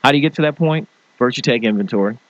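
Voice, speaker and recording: Animated male talk host, dull dry sound. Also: mid-range voice, fast, dry recording. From small-town farming family. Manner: animated, mimics people in funny voices. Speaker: show host. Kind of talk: motivational talk show rant.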